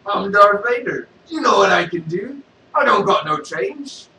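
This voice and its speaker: A man voicing Darth Vader as a loud, bragging, clumsy half-robot villain. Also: high voice, lively intonation, measured pace, echoey room, distant mic, a little hiss or hum, voice pushed up, full character voice, poor audio. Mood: boastful.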